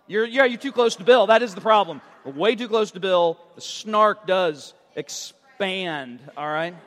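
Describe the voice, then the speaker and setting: A male pastor with a notably high voice delivers a sermon, teasing his listeners and slipping in jokes between points. The sound carries a long reverb, as if recorded in a large church sanctuary. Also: measured pace, a bit bright. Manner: teasing, joking with the congregation.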